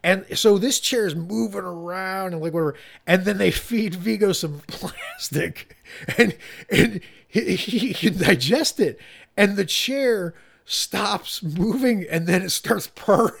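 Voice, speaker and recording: A man co-hosting a casual film discussion, animated, swearing and laughing often as he talks. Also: high voice, measured pace, creaky.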